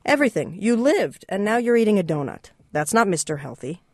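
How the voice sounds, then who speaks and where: A reader voicing a warm, proud immigrant man who owns a donut shop, hospitable and gently teasing. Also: medium pitch, big pitch swings, a little fast, dry recording, studio quality. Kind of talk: reading a novel aloud.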